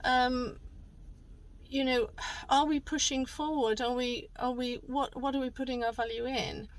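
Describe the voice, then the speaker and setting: A woman's voice: high voice, fairly even intonation, unhurried, low-quality recording. A middle-aged woman talking casually as a tarot reader, rambling with many fillers and restarts. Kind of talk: casual monologue.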